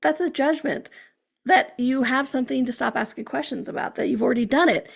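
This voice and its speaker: A woman hosts her own podcast in a loose, animated motivational monologue. Her voice sits a little high and carries a strong gravelly fry. She keeps checking in with her listeners with a quick "okay?". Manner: chatty, animated, frequent "okay?" check-ins. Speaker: podcast host.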